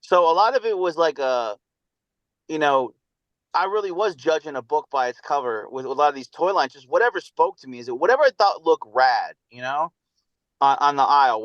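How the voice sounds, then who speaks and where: Man, 30s, mid-pitched voice, rambling and nostalgic, lots of fillers, dry close recording. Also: a bit bright, dry recording, highs cut off. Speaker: podcast guest. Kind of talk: casual chat.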